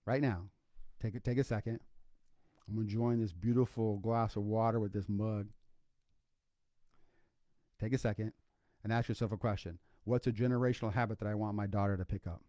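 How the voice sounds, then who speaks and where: A man's voice: on the low side, fairly even intonation, brisk, pauses often, warm tone, no room sound. A middle-aged man hosting a faith podcast, telling a personal story in a casual, folksy way with lots of asides. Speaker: podcast host.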